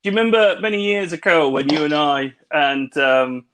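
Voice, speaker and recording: High-voiced Englishman telling jokey stories. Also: animated, normal speed, a bit bright. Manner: jokey anecdote-telling with put-on quotes. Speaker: co-host. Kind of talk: casual drunken chat on a livestream.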